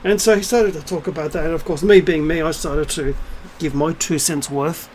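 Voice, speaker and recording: A man's voice: a little high, steady tone, moderate pace, a little mellow, a little hiss or hum, poor audio. A middle-aged man talking to camera in a casual, blunt and scornful rant, swearing freely. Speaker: spiritual vlogger. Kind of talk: casual ranting monologue.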